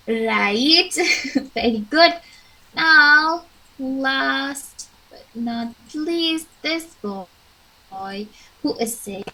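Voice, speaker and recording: A young woman teaches English online in an Indian English accent, slow and clear, acting out examples to encourage her students. She has a high, expressive voice with a sharp tone, and the recording quality is low.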